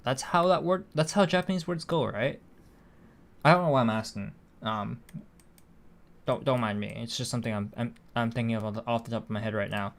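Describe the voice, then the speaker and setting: A man's voice: mid-range voice, a little fast, vocal fry. A man streaming a video game, chatting casually and thinking aloud with frequent restarts and fillers. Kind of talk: casual live-stream chat while gaming.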